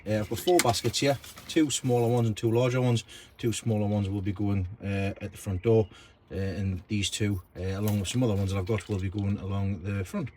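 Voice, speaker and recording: A man's voice: lowish voice, steady tone, brisk, hardly any pauses, darkish tone, slight background noise. A man vlogging casually about gardening and plants in his garden, chatty and self-deprecating. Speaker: allotment vlogger. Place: garden and allotment outdoors.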